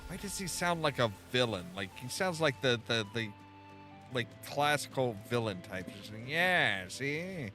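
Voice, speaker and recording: A man's voice: medium pitch, lively intonation, moderate pace, a bit bright. A man casually commenting on his own gameplay, thinking aloud, trailing off and restarting as he goes. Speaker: gameplay streamer. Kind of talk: casual let's-play commentary. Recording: faint game music behind.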